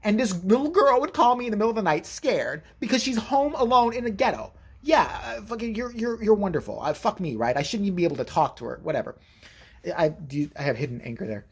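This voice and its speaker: In a casual vlog, a man with a high, husky voice talks fast as he tells a profane, animated story, jumping into the voices of the people he quotes.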